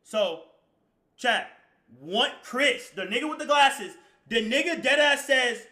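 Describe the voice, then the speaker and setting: Streamer man, bright high voice, profane rambling storyteller, echoey room. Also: animated, slow. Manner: profane, slang-heavy, rambling, bursts into shouting. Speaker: live streamer. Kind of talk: casual storytelling to stream chat.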